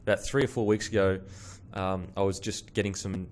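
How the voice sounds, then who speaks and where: Lively Australian podcast host, low voice. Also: male voice, a little fast, a little hiss or hum. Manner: swearing, animated storyteller. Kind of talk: casual chat.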